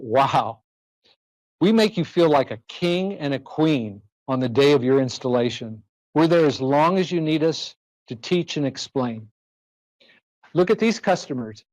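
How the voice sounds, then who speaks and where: Speaking in a presentation room, a man gives a persuasive live sales pitch, firing rhetorical questions at the audience. His tone is somewhat dark.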